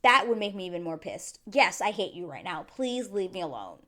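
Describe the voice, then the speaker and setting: A woman giving a chatty, animated recap to her channel viewers, acting out quotes as she goes. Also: on the low side, a little fast. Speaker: YouTube reviewer. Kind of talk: casual recap monologue.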